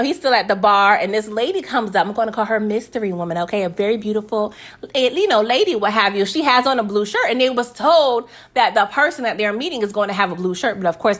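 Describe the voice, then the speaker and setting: A woman's voice: mid-range voice, fairly bright tone. A woman casually recapping a TV episode in a chatty, slangy way, often tacking on "okay?" and laughing between points. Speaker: TV recap host.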